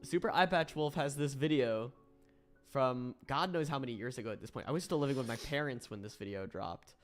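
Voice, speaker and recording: A man's voice: mid-range voice, fairly quick, faint music behind. A young man from Florida, chatting casually on a stream, swearing a lot and laughing often. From Florida, USA.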